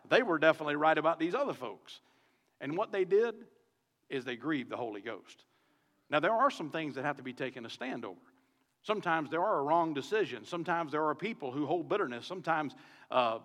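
A pastor with a Southern US accent preaches into a microphone in his church sanctuary, addressing the congregation conversationally and asking lots of rhetorical questions. His voice is fairly high and a bit bright, with a big-room sound.

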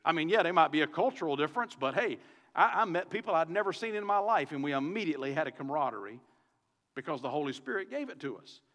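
In a large hall that is his church sanctuary, a Southern-accented pastor preaches over a microphone, chatting with the congregation and asking rhetorical question after rhetorical question. He talks fast, with fairly high pitch, lively intonation and a fairly bright tone.

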